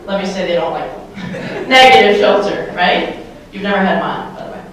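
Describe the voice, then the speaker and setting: Speaking at a normal speed in a mid-range voice, a keynote speaker gives a motivational talk to a live crowd in a big hall, keeping it playful and full of questions. Her handheld mic is captured from a distance, leaving heavy echo and slight background noise.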